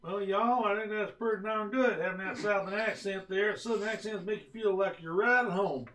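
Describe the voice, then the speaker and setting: A man's voice: sits high, normal speed, pushed and bright, roomy sound, a little hiss or hum, pitched above the performer's own voice. A man putting on a folksy, homespun southern man praising home cooking.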